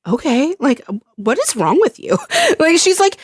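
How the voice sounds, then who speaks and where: Lively-voiced woman in casual chat. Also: high voice, unhurried, few pauses, no echo, studio quality. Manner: expressive, swears freely, acts out quotes. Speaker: podcast co-host.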